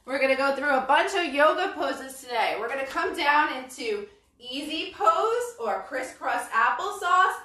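High-pitched woman leading kids' yoga. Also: bright, forceful tone. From Brooklyn. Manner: cheerful, encouraging, sing-song cues. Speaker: yoga instructor. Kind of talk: live-streamed kids' yoga class. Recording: roomy echo, mic at a distance.

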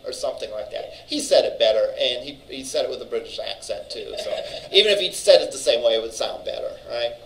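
A man's voice: medium pitch, expressive, a little fast, hardly any pauses, low-quality recording. A man teaching a college database class, lecturing conversationally and often checking in with the students. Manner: conversational, checks in with "all right?"; thinks aloud with fillers and restarts. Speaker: college instructor.

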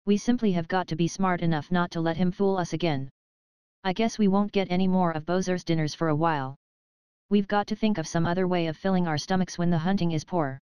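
A woman reading the part of a shrewd, wise old female fox who lectures calmly in a storybook. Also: lowish voice, brisk, clean tone, no echo, natural voice, low-quality recording. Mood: scheming. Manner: calm, lecturing, matter-of-fact.

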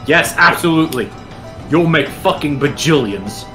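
A man's voice: a little high, expressive, moderate pace, sharp tone, faint music behind. A man co-hosting a game stream, joking and swearing in a laid-back way. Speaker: co-host. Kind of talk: casual chat.

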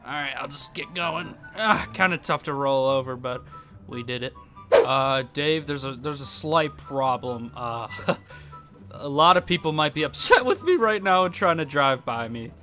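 A young man commentating his own game play, excitable and quick to laugh, yelping when surprised. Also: fairly high pitch, soft background music. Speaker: gaming YouTuber.

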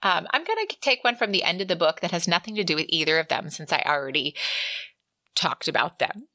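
A woman's voice: fairly low pitch, sing-song, fairly quick, sharp tone, dry recording. A woman co-hosting a book podcast, chatting casually and reading quotes aloud with a bit of acting. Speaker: podcast co-host.

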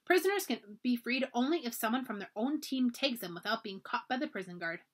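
A woman's voice: on the high side, lively intonation, brisk. A woman reading as a kindly camp director. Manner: gentle, encouraging storybook voice.

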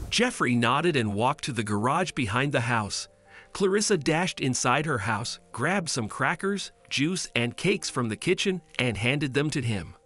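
A man reading a scripted story in a steady storytelling way. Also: mid-range voice. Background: faint music.

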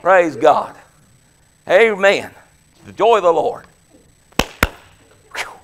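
Man, pastor, high voice, very animated pitch, exuberant, shouting praise. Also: slow. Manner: exuberant, preaching with shouts and laughter. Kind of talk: sermon.

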